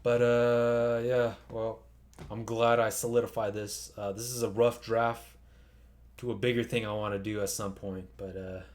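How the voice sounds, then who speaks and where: A man's voice: lowish voice, little pitch movement, moderate pace, darkish tone. A man vlogging in a loose, rambling monologue, swearing casually and padding with fillers and restarts.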